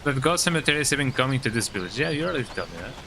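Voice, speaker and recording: Speaking rapid-fire in a medium-pitched, gravelly voice that is very animated, bright and forceful, the man playfully reads game characters' lines aloud and adds a jokey "eh?" while streaming casual commentary over game music. The audio is poor, with a little hiss or hum.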